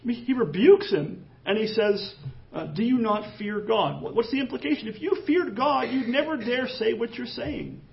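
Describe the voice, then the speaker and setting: A man preaching a sermon in a high, gravelly voice. He reads scripture aloud and drives the points home with rising emphasis. The recording sounds dull and lo-fi. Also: expressive, normal speed, distant mic. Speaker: pastor.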